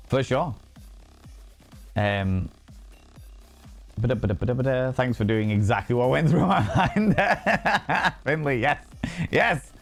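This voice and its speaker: A man streaming live, chatting casually with his chat, loose and sweary with plenty of fillers. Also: mid-range voice.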